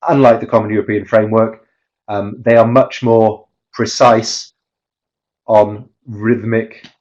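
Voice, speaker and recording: A man's voice: fairly low pitch, little pitch movement, unhurried, darkish tone. A man gives an online talk on teaching pronunciation and sounds like a video call. He stops often, restarts phrases, and fills gaps with "uh" and "um". The audio is a little muffled and dull. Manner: hesitant, many fillers and restarts. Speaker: webinar presenter on pronunciation teaching.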